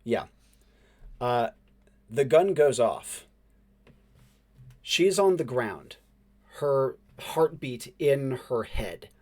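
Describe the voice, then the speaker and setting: A man running a tabletop role-playing game as game master, describing scenes with fillers and hushed dramatic drops. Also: mid-range voice, animated, drawn-out words, pauses often.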